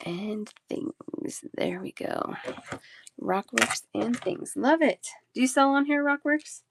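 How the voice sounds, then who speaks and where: A woman's voice: fairly high pitch, animated, slow, vocal fry, slight background noise. A woman in her thirties, a talkative and giggly live-stream bead seller chatting casually with her viewers.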